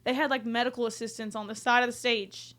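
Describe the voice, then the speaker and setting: A woman's voice: a little high, level tone, quick pace, a bit bright. A young woman from Oklahoma with an Oklahoma accent, a country singer chatting as a podcast guest, giggly and chatty with fillers. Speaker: country music artist, guest. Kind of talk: casual chat.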